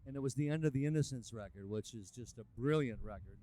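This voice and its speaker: A man, a musician and producer, telling a lively anecdote in a casual interview. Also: medium pitch, fast talker. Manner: animated, lively anecdotal delivery. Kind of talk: casual storytelling.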